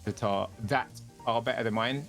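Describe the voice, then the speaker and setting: A man's voice: mid-range voice, moderate pace, creaky, a bit bright, faint music behind. A man with a British accent, chatting casually on a stream, playful and often laughing. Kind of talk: casual chat.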